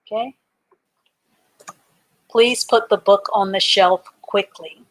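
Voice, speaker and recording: A woman's voice: mid-range voice, steady tone, takes it slowly. A woman teaching a live online reading class for adults, patiently spelling words out letter by letter and giving example sentences. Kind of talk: live online literacy lesson.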